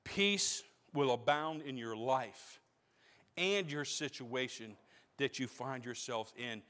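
A man's voice: mid-range voice, takes it slowly, a bit bright. A man preaching a sermon as pastor, repeating phrases for emphasis and building in intensity. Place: church sanctuary. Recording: long hall reverb.

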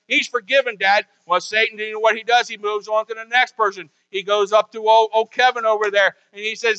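A man's voice: sits high, little pitch movement, fairly quick, few pauses, sharp tone, clean tone. A male pastor preaching a conversational sermon, full of rhetorical questions and repetition. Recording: dull lo-fi recording.

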